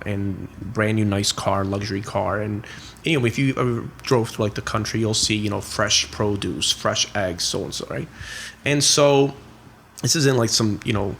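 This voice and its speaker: A man's voice: fairly low pitch, vocal fry, fairly bright tone, slight background noise. A man in his forties, a guest on a podcast, telling stories in a rambling, casual way with many fillers and restarts. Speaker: guest, real estate investor. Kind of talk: casual interview storytelling.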